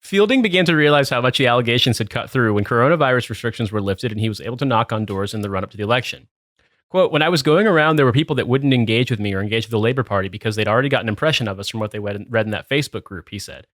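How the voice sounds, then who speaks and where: Man, podcast host, fast reader, sardonic asides, dry close sound. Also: medium pitch, expressive, fairly bright tone, no echo. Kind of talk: casual chat, reading a news article aloud.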